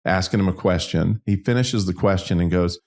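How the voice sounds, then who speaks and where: Speaking briskly in a low-pitched, slightly mellow voice, a fifties-aged interview guest who writes songs and owns a business shares a personal story with candor and self-deprecating humor.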